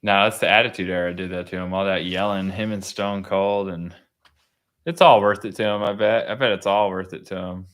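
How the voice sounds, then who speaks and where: A laid-back young man chats casually on a podcast in a lowish voice. He laughs easily, swears freely and drops "bro" and "dude" throughout. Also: fairly even intonation, fairly quick, fairly bright tone. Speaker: podcast host. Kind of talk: casual chat.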